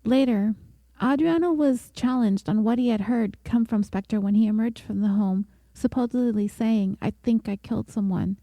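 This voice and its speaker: A woman narrates a true-crime story in a measured, deliberate manner, her voice mellow and a little high. The sound is close and dry, with no room around it. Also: no echo. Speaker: podcast host.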